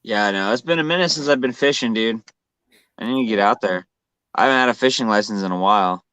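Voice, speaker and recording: Casual male talker: low, smooth voice, dry close sound, rambling and easygoing. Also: quick pace, fairly bright tone, dry recording. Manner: rambling, many fillers and restarts, laid-back. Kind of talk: casual chat.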